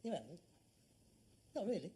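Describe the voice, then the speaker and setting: A man's voice: high-pitched, sing-song, normal speed, mellow, slight background noise. A man playing a sarcastic, scornful grown son in a sitcom, with a mocking, exasperated way of talking. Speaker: actor in sitcom. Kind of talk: 1970s sitcom acting.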